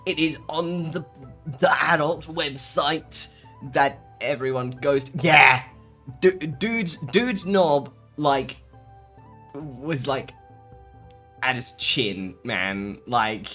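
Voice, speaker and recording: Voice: medium pitch, drawn-out words, pushed and bright, faint music behind. A VTuber streamer in casual live-stream chat, giggling and rambling while answering chat.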